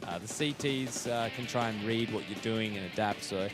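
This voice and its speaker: A man's voice: lowish voice, normal speed, music in the background. Chatty young man commentating esports. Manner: chatty analytical, heavy fillers, teasing banter.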